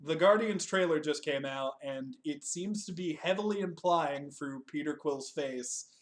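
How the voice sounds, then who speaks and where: A man's voice: a little high, a little slow. A man co-hosting a casual chat reviewing a TV special, laughing often, swearing and joking at his own expense. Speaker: podcast co-host.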